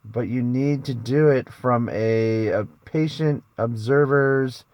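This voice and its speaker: A man's voice: medium pitch, takes it slowly, a little mellow. A man who works as a spiritual coach, giving a casual motivational talk to camera, emphatic and preachy, repeating phrases for stress.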